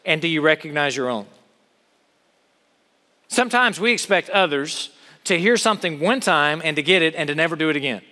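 High-voiced preaching man, echoing hall. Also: animated, fairly quick, long pauses, bright, forceful tone. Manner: earnest preaching with rhetorical questions. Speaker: pastor. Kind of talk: sermon.

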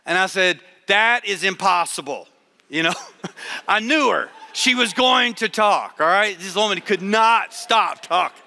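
A man preaching a sermon to a live audience, telling a story with animated voices for the people in it. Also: high-pitched, measured pace, vocal fry, big-room sound.

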